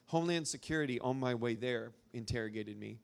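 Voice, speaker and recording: This young Arkansas native speaks casually to a live church audience, telling a rambling story heavy with fillers. He talks a little fast in a creaky, mid-range voice.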